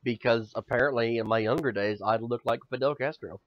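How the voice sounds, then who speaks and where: A man's voice: mid-range voice, a little fast. Man mock-boasting on a lo-fi podcast. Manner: loose and profane, swings between mock boasting and joking gloom. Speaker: podcast co-host. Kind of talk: casual comedic chat. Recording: dull, lo-fi, dry podcast audio.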